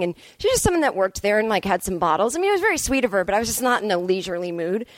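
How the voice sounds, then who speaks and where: A woman comedian hosts her podcast solo, telling a rambling story in a sarcastic, self-mocking way. Her mid-range voice is sing-song and fast, recorded dry on a podcast microphone.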